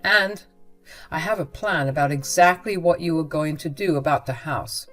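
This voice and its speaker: A woman's voice: deep voice, normal speed, soft background music, natural voice. Woman reading as a firm, protective father-in-law. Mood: reassuring.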